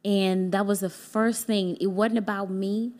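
A woman in a relaxed podcast conversation tells a heartfelt personal story and acts out what others said to her. Her voice sits at a middle pitch. Her pace speeds up and slows down as she goes. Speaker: podcast guest.

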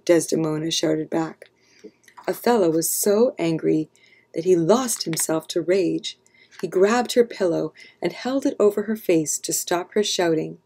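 A woman reads a children's storybook aloud in a calm, clear storytelling manner. Her voice is low-pitched and mellow, with a soft, breathy texture. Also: unhurried. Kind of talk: storybook read-aloud narration.

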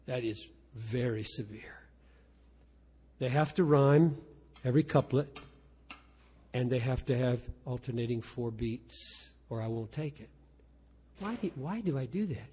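A man's voice: medium pitch, animated, a little slow, long pauses, warm tone, slightly rough. An older man, a pastor, giving a candid, self-deprecating talk on writing poetry, often restarting and repeating words, and reading his own verse aloud. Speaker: pastor and poet speaking at a lecture. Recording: long reverb of a large hall.

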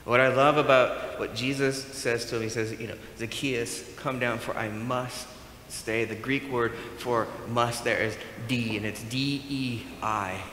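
A man preaching a sermon as pastor, animated and playful, acting out bits of dialogue. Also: medium pitch, moderate pace, hardly any pauses, a little hiss or hum. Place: church sanctuary. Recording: echoey hall with faint room ambience.

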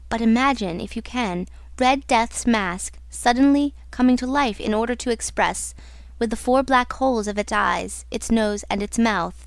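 A woman's voice: on the high side, dry recording. Woman narrating a gothic audiobook. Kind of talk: scripted narration.

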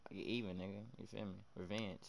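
A young man streaming live, excitably commenting on his game, shouting at teammates and chatting with viewers in heavy slang. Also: fairly low pitch, fast, vocal fry. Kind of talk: live gameplay commentary and chat reading.

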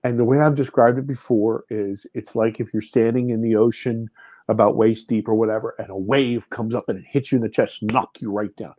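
A man in his fifties, appearing as a podcast guest, vividly retells a personal experience in an interview, restarting often. His voice is lowish, mellow and steady, a little fast, with no echo.

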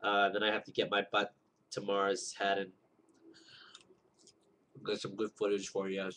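A man's voice: fairly low pitch, monotone, a little slow, fairly bright tone, slight background noise. A man rambling casually to viewers in a vlog, full of fillers and restarts, chatting while he eats lunch. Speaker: vlogger.

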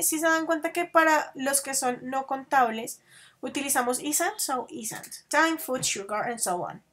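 Woman, English teacher, high bright voice, online grammar class, affectionate pet names, slow model sentences. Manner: switches between English and Spanish explanations.

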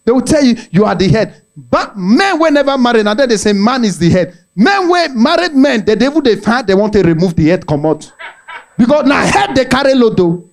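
With an extremely high pitch at a normal pace, a Nigerian man performs stand-up in a Nigerian accent. His family story comes alive as he animatedly voices its characters and slips into Nigerian pidgin.

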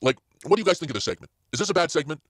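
A man rattles along quickly in a loose solo podcast chat, piling up fillers and restarting his sentences. He sits inside a car, and his voice sounds close and dry with no room around it. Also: fairly high pitch, very animated, fairly bright tone, no echo. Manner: rambling, full of fillers and restarts. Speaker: podcast host.

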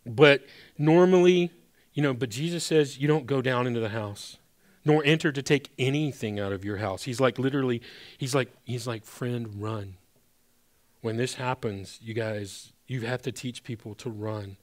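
A man preaching a sermon in a loose, conversational way, speaking at an ordinary middle pitch. He talks to the congregation like friends, pushing some words hard and letting others fall almost to a whisper. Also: moderate pace. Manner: conversational preaching with sudden emphatic rises and hushed drops; addresses congregation as brothers and sisters. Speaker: pastor.

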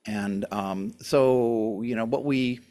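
A middle-aged man, a doctor appearing as a guest on a health show, explaining things in a relaxed chat and laughing often. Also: medium pitch, slow pace.

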